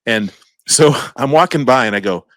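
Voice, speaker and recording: A man's voice: medium pitch, animated, normal speed, no room sound, clean studio sound. A man co-hosting a podcast, telling a rambling story in a casual chat, chuckling often and acting out the voices of the people in it. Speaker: podcast co-host.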